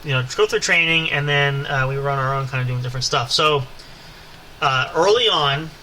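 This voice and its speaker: A man's voice: medium pitch, fairly quick, sharp tone, a little hiss or hum, low-quality recording. A man hosting a podcast, telling a long anecdote in a rambling, casual way with many fillers and asides. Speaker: podcast host. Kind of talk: casual storytelling.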